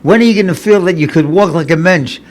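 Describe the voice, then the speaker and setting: A man's voice: sits high, quick pace. A man in his seventies, a rabbi giving an inspirational sermon in an earnest, conversational way, often repeating phrases for emphasis. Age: 70s. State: recovering from paralysis, slightly impaired speech. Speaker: rabbi and lecturer.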